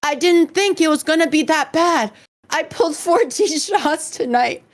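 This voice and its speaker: A woman's voice: high-pitched, expressive, a little slow, voice pushed up. A woman voicing a panicking young man who is convinced he is dying, pleading frantically and repeating himself. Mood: panicked pleading.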